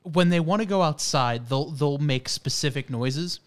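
A man's voice: a little high, normal speed. A man co-hosting a casual podcast, laid-back, imitating his pets' noises. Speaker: podcast co-host. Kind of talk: casual chat.

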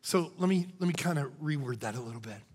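An older man preaching a sermon as pastor, moving from loud cries to hushed whispers. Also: on the high side, lively intonation, quick pace, husky. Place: church sanctuary. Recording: church hall reverb.

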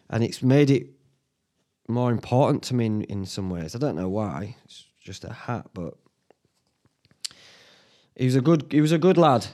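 A man's voice: medium pitch, a little mellow. A man hosting a podcast on his own from a small home studio, rambling chattily, swearing casually and laughing at himself. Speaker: podcast host. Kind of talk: casual solo podcast chat.

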